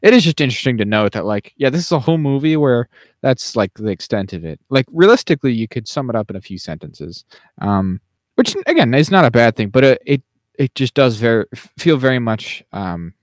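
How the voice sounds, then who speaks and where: A man's voice: mid-range voice, big pitch swings, fairly quick, dry recording, studio quality. A man co-hosting a podcast in casual chat, rambling with many fillers and restarts. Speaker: podcast co-host.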